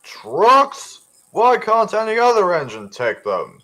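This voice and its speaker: A man's voice: high voice, very animated, unhurried, fairly bright tone, pitched above the performer's own voice, heavily acted. A man voicing a grumpy, sneering male diesel engine in a storybook reading, sarcastic and snarling.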